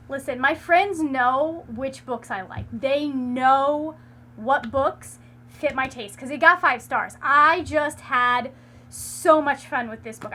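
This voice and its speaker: Bright, high-voiced chatty woman. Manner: gushing and chatty, full of "like" and restarts. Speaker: book reviewer. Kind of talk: casual vlog chat.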